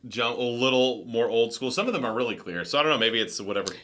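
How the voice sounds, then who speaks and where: A man co-hosting a podcast, chatting casually in a relaxed, chatty way. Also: medium pitch, fast. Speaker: podcast co-host. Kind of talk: casual chat.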